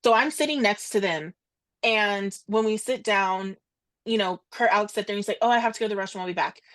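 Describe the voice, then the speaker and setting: A young woman co-hosting a podcast, telling a story in casual chat, animated and quoting others in quick asides. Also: medium pitch. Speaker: podcast co-host.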